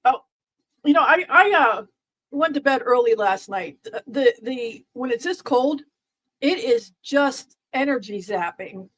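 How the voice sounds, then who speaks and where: A woman hosts a live stream and chats casually with her viewers, and her voice sits a little on the high side. She rambles along with plenty of fillers and restarts. She keeps up a playful, teasing banter with the chat. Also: animated, a little slow, a bit bright, a little hiss or hum, low-quality recording. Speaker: livestream host.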